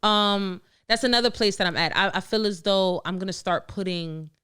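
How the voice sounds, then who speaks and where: A young adult woman co-hosting a podcast, talking candidly in a casual chat, swearing freely and often laughing, and dropping to a low, hushed tone when she quotes her inner voice. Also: normal speed, clear, resonant tone, dry recording, studio quality. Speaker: podcast co-host.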